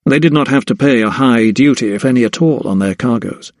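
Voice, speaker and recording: Male audiobook narrator, mid-pitched, measured and even, dry close read. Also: no echo. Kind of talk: scripted narration.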